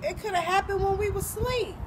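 A woman's voice: extremely high pitch, fast. A mother venting and swearing, repeating herself, filmed outdoors on a phone. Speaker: mother pranked by her child. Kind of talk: heated casual venting. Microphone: phone camera. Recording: loud outdoor noise on phone.

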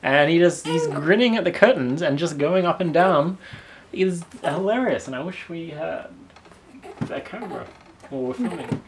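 A woman's voice: low-pitched, expressive, fairly quick, noisy background. A woman at home cooing sing-song baby talk and giggling while she chats to the person filming. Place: family home.

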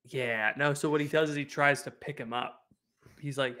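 A young man co-hosting a podcast, chatting about his small son in a relaxed way that trails off softly. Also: medium pitch, moderate pace. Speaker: podcast co-host. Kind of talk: casual chat.

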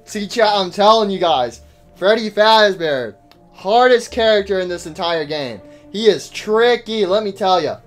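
An excitable man talks his chat through a game in casual slang, his pitch leaping all over the place. He yelps and shouts whenever something startles him, with faint music playing under his voice. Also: unhurried. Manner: chatty, joking slang. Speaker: gaming YouTuber. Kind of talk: casual gameplay commentary to chat.

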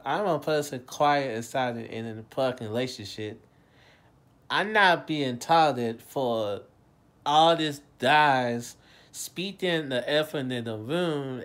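Rambling young man, loud then mumbling. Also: fairly high pitch. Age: late 20s. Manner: repetitive, loose, swings between loud and mumbled. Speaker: vlogger. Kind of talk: rambling casual monologue.

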